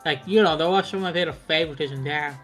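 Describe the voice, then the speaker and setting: A man with a high voice chats casually over a video call, swearing freely and slipping into quick impressions of the people he talks about. Faint music sits behind him. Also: a bit bright. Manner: sweary, mimics characters in bursts. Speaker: podcast co-host.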